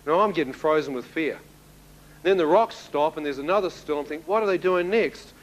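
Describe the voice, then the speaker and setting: A middle-aged man giving a testimony, retelling events vividly with sudden shouts and chuckles. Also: a little high, a little fast, poor audio. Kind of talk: dramatic storytelling to an audience.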